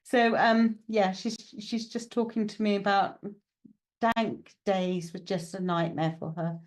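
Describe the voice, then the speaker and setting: This woman's mid-range voice moves a little slowly with fairly even intonation as she gives a live psychic mediumship reading. Her chatter is reassuring and peppered with "okay" and "right" fillers, and she pokes fun at herself, laughing along.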